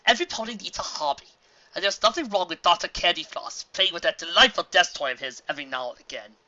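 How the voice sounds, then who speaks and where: A woman voicing a grown mare coworker from a storybook, talking in an amused, gently chiding way. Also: lowish voice, quick pace, pitched above the performer's own voice. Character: adult mare, a gossiping coworker, warm and amused. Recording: dull lo-fi home recording.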